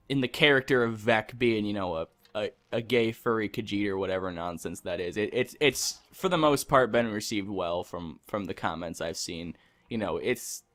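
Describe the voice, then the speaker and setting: Here the young host sounds lowish yet a touch bright. He swears constantly during his let's-play, drifting between relaxed chatter and rambling rants.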